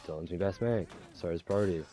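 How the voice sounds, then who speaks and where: This is a young Australian man in a loose, profane gaming rant. His voice sits low and dark in tone. He talks at a rapid clip and rambles from one grievance to the next. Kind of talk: casual rant while gaming.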